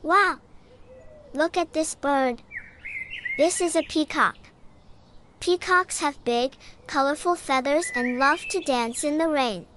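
A woman narrating a scripted children's lesson in a bright, encouraging way, often asking the listener to join in. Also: high voice, slow, long pauses, slight background noise.

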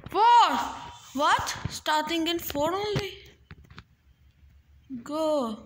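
A woman with doing excitable live game commentary, with dramatic outbursts and sing-song humming. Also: sits high, slow pace, background noise. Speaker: gaming vlogger.

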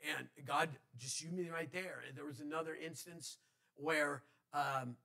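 A man's voice: a little high, fairly even intonation, unhurried, creaky, bright, forceful tone. A male pastor telling a personal story in a conversational sermon, with many restarts. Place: church.

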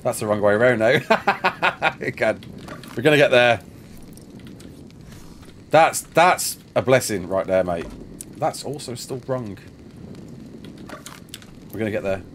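A sleep-deprived man streams a game, talking in a loose, rambling way and stopping to answer viewers' questions. His voice sits at an ordinary middle pitch. Faint room ambience hums underneath. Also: animated, slow, long pauses, a bit bright, a little hiss or hum. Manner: chatty, rambling, answers chat questions while playing. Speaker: gaming streamer. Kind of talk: casual live gameplay chat.

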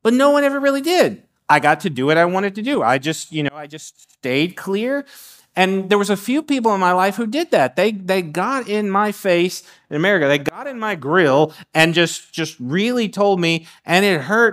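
A middle-aged man preaching a sermon in a church in a somewhat higher voice. He talks in an animated way, restarting phrases and acting out little asides to the congregation. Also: normal speed. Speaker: guest preacher. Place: church sanctuary.

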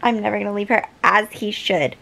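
A woman's voice: medium pitch, fairly quick, creaky, bright, forceful tone, poor audio. A young woman reacting to a TV finale, gasping and gushing over each scene. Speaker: reaction vlogger. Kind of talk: emotional TV reaction commentary.

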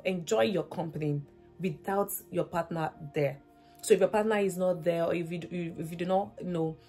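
A woman's voice: fairly low pitch, darkish tone. A woman vlogger giving faith-based relationship advice, earnest and emphatic, repeating her points as rhetorical questions.

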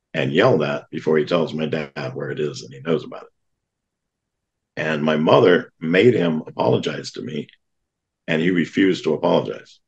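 A man's voice: low-pitched, gravelly, muffled recording. A middle-aged man, a podcast guest, earnestly telling childhood memories in a plainspoken way. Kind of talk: storytelling in an interview.

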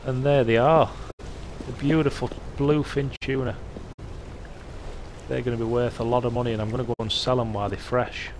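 A man giving chatty, excitable live commentary as he plays a game, talking himself through each step. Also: mid-range voice, normal speed, long pauses. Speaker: streamer. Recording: loud game noise under voice.

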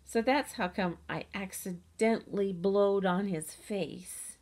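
A chatty, boastful kindergarten girl narrates her own storybook tale, as a woman reads her aloud. She talks in a lively, childlike way with playful grammar. Her voice sits at a medium pitch. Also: slow. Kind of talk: audiobook reading.

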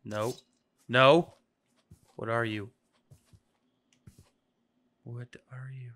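A gaming video host giving excitable play-by-play commentary, chatting to the game's creatures and swinging between whispers and shouts. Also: mid-range voice, slow pace, gravelly, long pauses. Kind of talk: gameplay commentary.

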